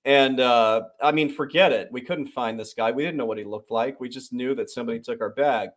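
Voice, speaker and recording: A man's voice: mid-range voice, a little fast. A man hosting a casual livestream, telling a travel anecdote and quoting people, swearing freely. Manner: swears freely, animated anecdote with quoted voices. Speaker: host. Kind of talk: casual livestream chat, storytelling.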